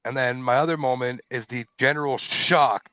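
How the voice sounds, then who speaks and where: Male podcast co-host, mid pitch, hesitant recollection, dry lo-fi sound. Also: fairly even intonation, normal speed, bright, forceful tone, no room sound. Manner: hesitant, self-correcting recollection. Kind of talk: casual chat. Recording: dull dry lo-fi audio.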